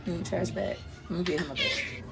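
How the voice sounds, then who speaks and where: A woman's voice: on the low side, huge pitch swings, fast, vocal fry, over loud music, rough recording. A chatty, teasing woman from Tampa, Florida, talking casually to her viewers in a home kitchen while she films on a handheld phone. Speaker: vlogger and mother. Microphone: handheld phone camera.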